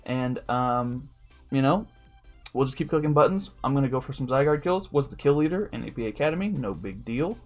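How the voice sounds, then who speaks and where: A man's voice: mid-range voice, animated, a little fast, soft background music. A man giving a casual, unscripted rundown of his team as a league coach, loose and profane with lots of fillers. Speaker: competitive Pokemon league coach.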